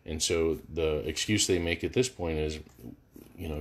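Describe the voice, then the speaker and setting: A man's voice: sits low, animated, slow pace, slightly rough. A man leading a live verse-by-verse Bible study, talking casually with many fillers and restarts. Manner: casual, thinking aloud with frequent fillers and restarts.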